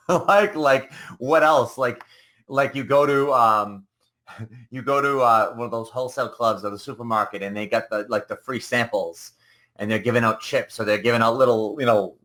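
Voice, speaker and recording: A man's voice: medium pitch, a bit bright. A man hosting a solo coaching podcast, talking casually and rambling, often acting out the people he quotes. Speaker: business coach and podcast host.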